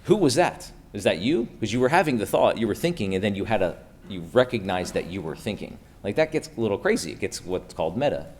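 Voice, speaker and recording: A man's voice: on the low side, sing-song, fast talker, a little hiss or hum. A man from Pennsylvania giving a casual, upbeat conference keynote to a live audience in a room, throwing rhetorical questions at the crowd. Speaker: keynote speaker.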